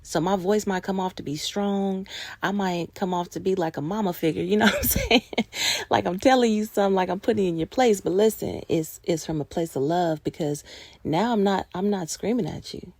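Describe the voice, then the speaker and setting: A woman hosting a reflective talk on healing, speaking earnestly and passionately, sometimes dropping to a hush. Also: medium pitch, fairly quick, no echo. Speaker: host of a personal growth talk.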